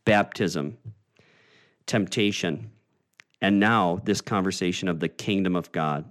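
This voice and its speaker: This is a man with a low-pitched, slightly bright voice, teaching a Bible study. He explains in a chatty manner, often pausing with "uh" and beginning phrases again.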